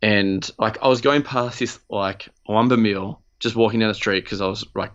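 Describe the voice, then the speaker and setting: A man's voice: lowish voice, fairly even intonation, moderate pace, a bit bright, dull audio. A man, co-hosting a podcast in loose, rambling casual chat, swearing freely. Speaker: podcast co-host.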